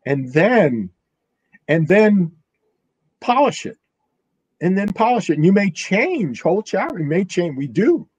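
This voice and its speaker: High-voiced older man, dull dry sound. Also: very animated, a little mellow, slightly rough, no room sound. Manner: halting, repeats himself, chuckles. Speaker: author guest. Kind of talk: casual interview chat.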